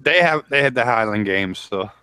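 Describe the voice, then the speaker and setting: A man in casual group chat who talks in a low-key way and trails off. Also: lively intonation, normal speed, pushed and bright, clear, resonant tone, dry recording, clean studio sound.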